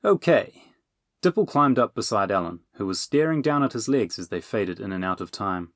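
A man narrating a children's fantasy audiobook in a measured, even way. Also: lowish voice, no echo, clean studio sound. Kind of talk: storybook narration.

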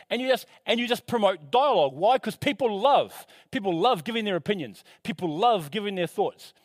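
A man preaching a sermon in a lively, conversational way, rising and falling for emphasis and breaking off for casual asides. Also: brisk, few pauses, dry recording. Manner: animated, shifting pitch and loudness for emphasis; conversational, self-correcting with asides.

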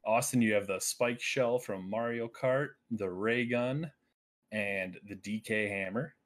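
A man's voice: lowish voice, measured pace. A man hosting a casual gaming podcast, running the segments and laughing often. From United States. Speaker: podcast host.

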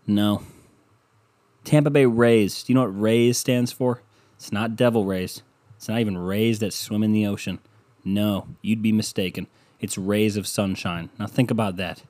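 Male podcast host, profane comic ranter, lowish, recorded dry. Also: steady tone, normal speed, dry recording. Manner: ranting, sarcastic, profane, with sudden loud bursts. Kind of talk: rambling comedic monologue.

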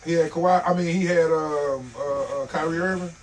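A man's voice: on the high side, fairly even intonation, normal speed. A man in casual barbershop sports talk, assertive and repeating his point. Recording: crowd chatter behind.

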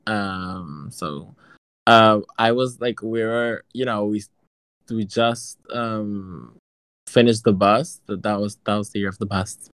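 A man in casual chat, telling a story in an animated, profane and sassy way. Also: lowish voice, takes it slowly, clear, resonant tone, no room sound.

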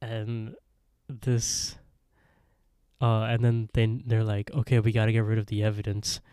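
A man co-hosting a casual podcast, recapping a horror episode with animated retellings. His voice is mellow and warm, recorded dry and close to the mic. He slips into quick voices for each character's lines. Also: on the low side, clear, resonant tone, no echo. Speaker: podcast co-host.

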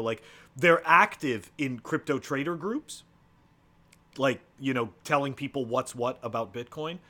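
A man's voice: mid-range voice, sharp tone. A man chatting casually on a podcast, easygoing and a bit rambling. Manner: easygoing, laughs along, rambling.

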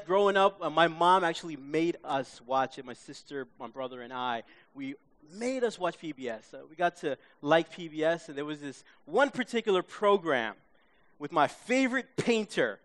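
A man from Queens, telling an animated story to a live audience, acting out his own reactions and checking in with listeners. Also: fairly high pitch, moderate pace. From Queens, New York. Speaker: speaker.

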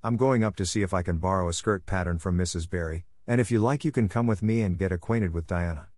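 A man voicing a stern, brisk older spinster woman who talks in a curt, reproving way in a storybook reading. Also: low-pitched, darkish tone, no room sound, clean studio sound. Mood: scolding.

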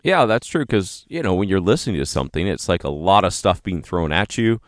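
Male co-host, very deep voice, rambling casual delivery, dry sound. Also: very animated, a little fast, dry recording. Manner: rambling, heavy on fillers like "you know" and "like". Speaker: podcast co-host. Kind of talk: casual chat.

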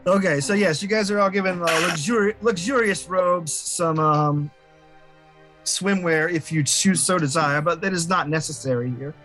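A man narrating as game master in a tabletop game, his voice a little high. He talks hesitantly, with many fillers and restarts. Faint music plays underneath. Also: moderate pace, a bit bright.

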